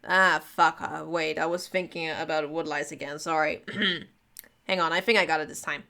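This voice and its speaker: Young woman reading jokes deadpan. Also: low-pitched, moderate pace, vocal fry. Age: 20s. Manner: casual, deadpan, swinging between many put-on voices. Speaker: comedy dubber reading posts aloud. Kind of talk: comedic dub of text posts.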